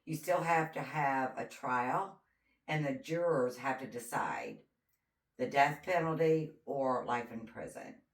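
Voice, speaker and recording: Speaking slowly in an extremely low voice, this podcast co-host tells a true crime story as relaxed chat, performing each quote with animated flair. Her distant mic catches plenty of room echo.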